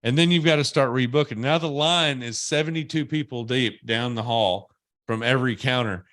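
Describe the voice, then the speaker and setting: Animated man telling travel stories. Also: medium pitch, moderate pace, no echo. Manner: animated storyteller, acts out quoted people. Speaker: podcast co-host. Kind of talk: casual chat.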